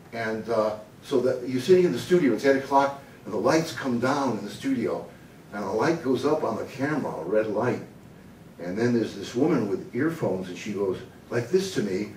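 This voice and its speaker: An older man from the United States tells an animated story on stage, now and then dropping into a booming announcer voice and chuckling at his own lines. His voice carries through an echoey hall and comes across a little distant from the mic, with a faint background hiss. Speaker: motivational humor speaker. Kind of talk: storytelling keynote talk.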